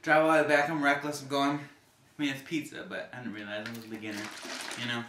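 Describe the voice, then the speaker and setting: A man casually telling stories to the camera in an animated way, acting out the people he met. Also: medium pitch, fast, echoey room, slight background noise.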